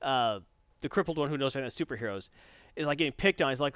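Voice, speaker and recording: A man casually reviewing a film on a podcast, animated and playful as he recaps scenes. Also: mid-range voice, quick pace, clear, resonant tone, dry recording. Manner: animated, acts out scenes in funny voices. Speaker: podcast co-host. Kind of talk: casual movie review chat. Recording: dull lo-fi dry sound.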